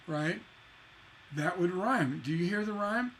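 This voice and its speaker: A man with a fairly high voice teaches songwriting on a livestream, full of enthusiasm. He sings rhythms aloud as nonsense syllables and keeps repeating key phrases. A faint hiss sits under his voice. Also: animated, a little slow, pauses often, a bit bright. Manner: repeats phrases for emphasis, asks rhetorical questions. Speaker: songwriting instructor.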